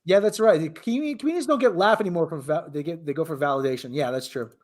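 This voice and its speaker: A podcast host gives sardonic, rambling commentary in a casual chat, restarting his sentences often. His voice is a little high and his pace is quick.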